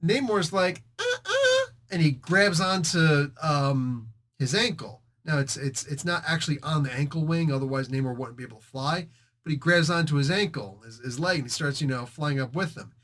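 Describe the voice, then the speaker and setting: Hyped guy breaking down an old comic, kinda high bright voice, slangy, goes kadow. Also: normal speed. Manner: excitable, slangy storytelling with sound effects. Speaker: comic book reviewer host. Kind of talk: casual comic review recap.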